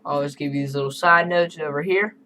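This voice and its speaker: A man's voice: a little high, steady tone, brisk, pushed and bright, a little hiss or hum, rough recording. A man teaching a beginner Spanish lesson over a screen recording, explaining in a casual, chatty way with asides.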